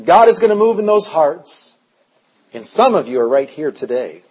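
A man preaching a sermon as pastor, telling stories, sometimes shouting and sometimes dropping to a hush. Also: fairly high pitch, sing-song, normal speed, breathy edge, low-quality recording. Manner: storytelling, shifts from shouting to hushed.

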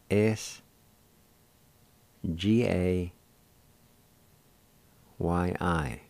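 A man with a Cherokee accent hosting a radio language lesson, slowly spelling words out letter by letter and pronouncing each syllable. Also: sits low, warm tone, dry recording. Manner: slow, deliberate, spelling letter by letter. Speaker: radio language program host. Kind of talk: slow spelled-out pronunciation lesson.

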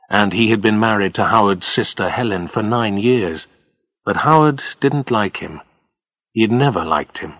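A man narrating a story for learners of English, reading in a clear, steady storytelling manner. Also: medium pitch, no echo.

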